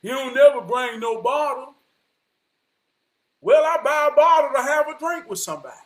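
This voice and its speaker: A man delivering an impassioned motivational monologue, preaching his point and often rising to a shout. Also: very high voice, lively intonation, moderate pace. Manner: preachy, repeats "I promise you", rises to shouting. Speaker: vlogger giving life advice.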